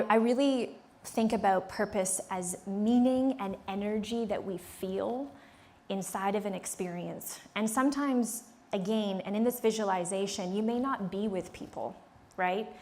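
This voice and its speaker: A woman in her thirties leading a live workshop. She tells a story in a chatty way, acts out the dialogue, laughs often and speaks straight to the room. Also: medium pitch. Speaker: workshop leader. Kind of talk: live workshop talk to an audience. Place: conference room before a live audience.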